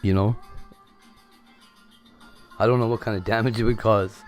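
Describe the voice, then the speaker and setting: A man's voice: on the low side, steady tone, moderate pace, faint music behind. A man chatting casually on a livestream, rambling and candid, swearing freely. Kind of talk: casual chat.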